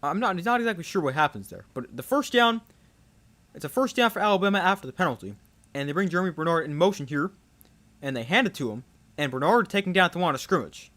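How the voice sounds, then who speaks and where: Young guy doing live football play by play, high pitched, voice swings all over, gets hyped on big plays. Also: fast talker. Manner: excitable, rising sharply on big plays. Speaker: play-by-play streamer.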